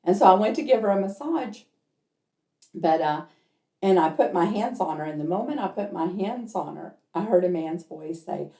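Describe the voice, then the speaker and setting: A woman's voice: on the low side, expressive, normal speed, warm tone. A woman who works as a medium tells a personal story in a chatty way and acts out the people in it. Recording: roomy echo.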